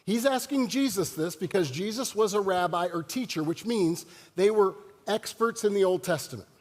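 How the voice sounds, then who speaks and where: A man's voice: sits high, moderate pace, a little mellow. A man preaching a sermon as pastor, in a conversational style and joking with the congregation. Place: church sanctuary. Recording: long church hall reverb.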